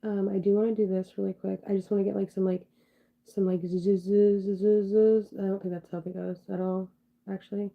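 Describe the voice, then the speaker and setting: A woman's voice: medium pitch, flat delivery, fast, vocal fry. Young woman, tarot reader on a livestream; loose, rambling, filler-heavy delivery with casual swearing; dull lo-fi audio. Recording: dull lo-fi sound.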